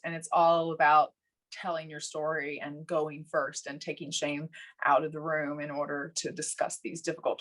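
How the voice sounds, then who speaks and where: A woman in her thirties, a podcast guest telling stories in casual conversation, animated, laughing often and acting out what others said. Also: low voice. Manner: animated, laughs often, acts out quoted voices. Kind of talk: casual interview storytelling.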